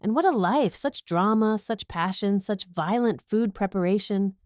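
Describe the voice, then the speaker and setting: A woman's voice: medium pitch, moderate pace, a little mellow, no room sound, studio quality, pitched above the performer's own voice, lightly acted. A woman voicing a cheerful, theatrical talking coffee maker in an audiobook. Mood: theatrical delight.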